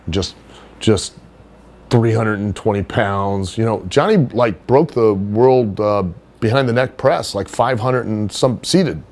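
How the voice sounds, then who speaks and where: A middle-aged man in an interview, telling stories in a casual, animated way. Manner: animated storyteller, does high put-on voices for others. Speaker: wrestler being interviewed.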